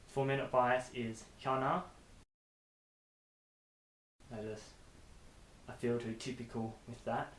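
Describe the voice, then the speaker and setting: A young man vlogging casually from his bedroom, chatty and rambling with self-deprecating asides. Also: medium pitch. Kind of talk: casual chat to camera. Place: bedroom with posters. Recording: echoey room with faint hiss.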